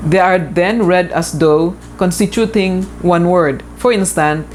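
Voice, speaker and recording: A woman's voice: on the low side, a little slow, a little mellow, a little hiss or hum. A woman instructor giving a recorded lecture, explaining step by step, repeating points with frequent fillers.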